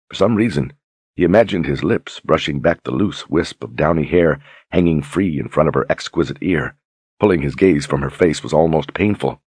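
A male audiobook narrator with a very deep, low voice and a husky grain, reading in a measured, even storytelling pace. The recording is close and dry, with no room echo at all. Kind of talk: scripted narration.

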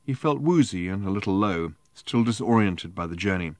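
Male audiobook narrator, lower voice, dry close sound, measured storytelling. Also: lively intonation, no echo. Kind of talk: scripted narration.

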